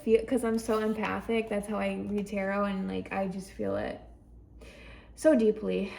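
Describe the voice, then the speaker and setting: Gravelly-voiced woman reading tarot. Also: medium pitch, flat delivery, reverberant. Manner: emotional, gushing, reads slowly and softly from cards. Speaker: tarot reader. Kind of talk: tarot reading, reading oracle cards aloud.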